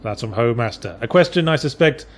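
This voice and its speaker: A man's voice: mid-range voice, animated, a little fast, soft background music. A man co-hosting a let's play, chatting casually over gameplay in a dry, sarcastic way. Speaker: co-host of a let's play podcast.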